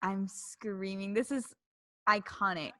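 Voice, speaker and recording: A woman co-hosting a podcast, reacting with quick interjections and sharing her own story in casual chat. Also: mid-range voice, steady tone, sharp tone. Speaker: podcast co-host.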